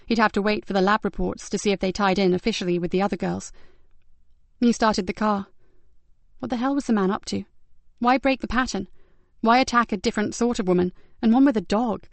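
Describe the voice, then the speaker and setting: A woman narrating a crime novel in an even, measured way. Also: medium pitch, gravelly, dry recording. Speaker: audiobook narrator. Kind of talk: scripted narration.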